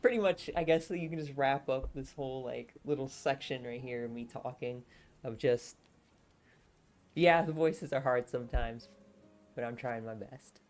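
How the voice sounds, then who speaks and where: A woman's voice: rumbling low, normal speed, a little mellow, soft background music. A woman streamer reading a novel aloud on a live stream and chatting between passages, giggly and self-deprecating.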